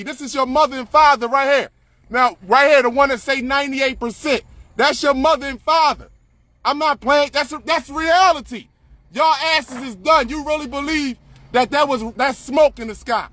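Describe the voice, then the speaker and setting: Bright-voiced man ranting, high and sharp. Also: no room sound. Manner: profane, confrontational, repetitive. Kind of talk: ranting monologue to camera.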